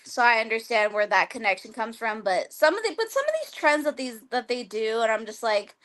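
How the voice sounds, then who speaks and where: A talkative woman speaks as a guest on a streamed interview over a video call. Her voice sits a little high, and she rambles casually, with constant "like" fillers and easy laughter. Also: expressive, a little fast, fairly bright tone, slight background noise. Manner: chatty, lots of "like", laughs often. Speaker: guest wrestler.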